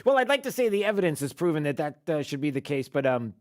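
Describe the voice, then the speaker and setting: A man hosting a talk radio show, talking in a sarcastic, animated way. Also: a little high, fast talker.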